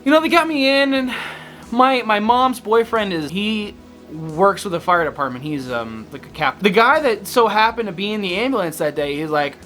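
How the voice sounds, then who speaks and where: A man's voice: sits high, animated, normal speed, a bit bright, faint music behind. A man in his early twenties telling a rambling, profane story in a casual storytime vlog, laughing as he goes. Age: 20s. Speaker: vlogger.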